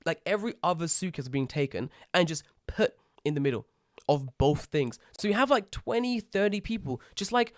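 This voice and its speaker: A young British man co-hosting a podcast, telling an animated, swear-heavy story in casual chat. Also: fairly high pitch, normal speed, no echo, studio quality. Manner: rising to loud exasperated outbursts. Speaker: podcast co-host.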